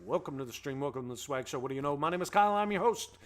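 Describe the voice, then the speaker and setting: A man's voice: fairly high pitch, expressive, very fast. A man hosting a casual trading livestream, upbeat and playful with slangy banter while he greets viewers. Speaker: host.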